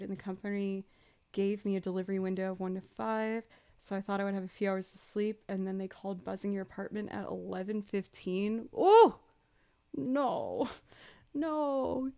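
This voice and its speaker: A young woman chats with her stream viewers between songs. She tells stories in a lively, chatty way and laughs often, at a mid pitch for a woman. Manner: chatty, animated storytelling with laughs. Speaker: livestreaming musician. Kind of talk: casual chat with stream viewers.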